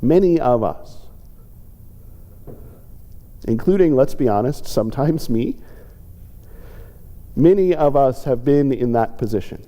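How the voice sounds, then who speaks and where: Pastor, reflective sermon, mellow dark voice, long church reverb. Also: male voice, lively intonation, slow, pauses often. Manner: reflective, acts out quoted pleas with lifted pitch. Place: church sanctuary.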